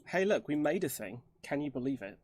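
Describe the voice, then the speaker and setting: A man's voice: mid-range voice, big pitch swings, brisk, a little mellow. Man mumbling through a stream. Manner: mumbles to himself, trails off, self-mocking asides. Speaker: streamer co-host. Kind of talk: casual stream chat while working in Blender.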